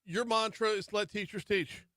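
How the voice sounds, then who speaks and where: A man's voice: high-pitched, steady tone, moderate pace, pushed and bright, dry recording. A radio talk show host in his forties from Louisiana, interviewing a guest in an easygoing, chatty way. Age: 40s. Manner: easygoing and chatty, laughs easily.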